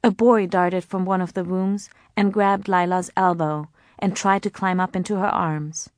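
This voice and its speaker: A woman reading a novel aloud in measured, scripted narration. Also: fairly low pitch, fairly even intonation, no room sound, clean studio sound. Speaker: audiobook narrator.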